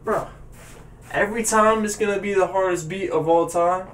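A man's voice: high-pitched, moderate pace, a bit bright, recorded from a distance, slight background noise. A man hosting a music reaction video, talking casually and rambling with hyped energy. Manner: hyped, rambling, talks over the song. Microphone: webcam.

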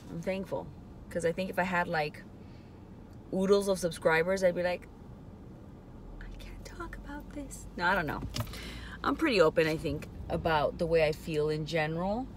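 Woman vlogging in her car, low-ish voice, kinda teary, rambly and unsure, faint car noise around. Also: a bit bright. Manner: hesitant and rambling, many trailing-off phrases. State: emotional, on the verge of tears. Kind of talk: casual confessional vlog. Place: parked car in a parking lot.

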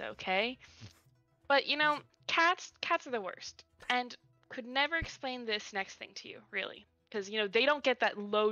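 A woman's voice: a little high, measured pace, sharp tone, no room sound, dull audio, faint music behind. A woman giving an improvised comic talk on a headset, breezy and mock-instructional. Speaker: improv game player.

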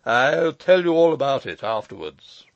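A man reading the part of a pompous elderly gentleman who lectures at length. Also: mid-range voice, sing-song, normal speed, no room sound, lo-fi sound. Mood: anxious. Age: older. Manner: lecturing, long-winded. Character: pompous elderly male lecturer, self-important.

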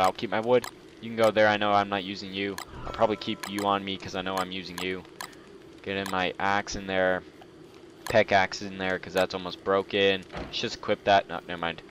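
A young man giving goofy, excitable let's play commentary while playing a game. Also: sits low, brisk, a little hiss or hum. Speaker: gameplay commentator.

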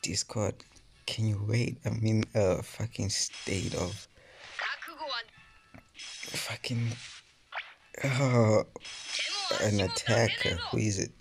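A man's voice: lowish voice, steady tone, takes it slowly, pauses often, music in the background. A young man doing casual gaming vlog commentary, frustrated, swearing a lot and dropping into whispers. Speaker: mobile game YouTuber.

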